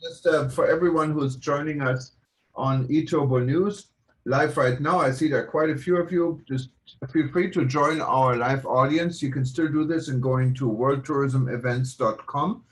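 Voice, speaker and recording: A man's voice: mid-range voice, moderate pace. A man hosting a live online broadcast, giving announcements and fumbling with apologies. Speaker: host.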